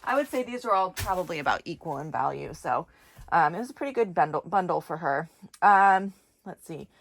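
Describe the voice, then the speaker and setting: A woman's voice: fairly low pitch, lively intonation, fairly quick, dry recording. A middle-aged woman chatting casually to viewers while walking around her storage area, hunting through shelves and bins. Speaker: reseller vlogger. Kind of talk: casual work-with-me vlog narration.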